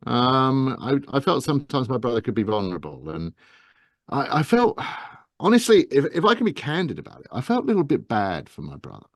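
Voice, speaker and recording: A man in his fifties from England's Medway Towns with a softened Estuary accent, talking gently and modestly in an interview, with many fillers and restarts. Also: mid-range voice, huge pitch swings, a little fast, dry recording, studio quality. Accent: softened Estuary English. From England, Medway Towns south of London. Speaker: guest, actor and narrator. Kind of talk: casual interview talk.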